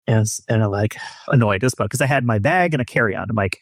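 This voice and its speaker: A man hosting a podcast, telling a long travel story in casual chat, animated and swearing, and acting out the people in it. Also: lowish voice, fast, no room sound, studio quality. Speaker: podcast host.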